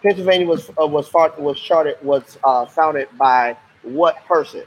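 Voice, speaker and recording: A man's voice: on the high side, a little slow. A man teaching a casual, slangy livestream history lesson and quizzing his viewers. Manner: lively, slangy, asks questions to the class. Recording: muffled lo-fi stream audio with faint hiss.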